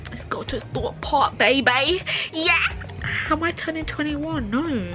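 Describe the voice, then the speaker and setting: A woman's voice: high voice, expressive, measured pace, sharp tone. A woman, chatting casually to camera in a playful, teasing, self-mocking way. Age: early 20s. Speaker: vlogger. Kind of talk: casual vlog chat to camera. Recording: background music clearly audible.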